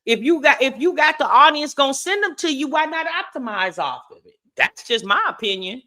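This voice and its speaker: Woman, gossip commentary host, chatty, opinionated, lively pitch, slightly high voice. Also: fairly quick. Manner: chatty, opinionated, addresses viewers as y'all.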